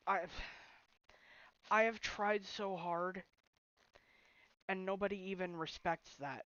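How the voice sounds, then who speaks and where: A young man venting at home in an emotional vlog rant, frustrated and halting, often restarting his sentences. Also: on the high side, pushed and bright, dry recording, highs cut off. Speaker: vlogger. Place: bedroom at home.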